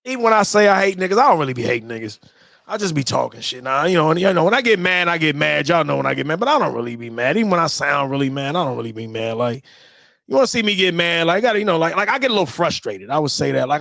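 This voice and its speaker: A man hosting a live stream, ranting and joking in a loud, profane, laughing way that breaks into shouted bits. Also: sits high, vocal fry, no echo, clean studio sound. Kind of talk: loud comedic rant.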